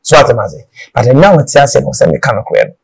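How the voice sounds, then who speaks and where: A man's voice: mid-range voice, wildly swooping pitch, fast talker, creaky, breathy edge, low-quality recording. A man, answering questions in an interview, emphatic and repeating himself as he mixes Twi and English. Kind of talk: casual interview.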